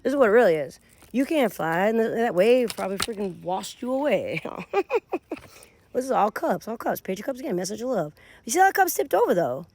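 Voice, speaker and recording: A woman gives a casual tarot reading with a gravelly edge to her voice. Her pitch swoops up and down as she speaks to her viewers directly. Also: a little fast. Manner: animated, addresses viewers directly. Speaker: tarot reader.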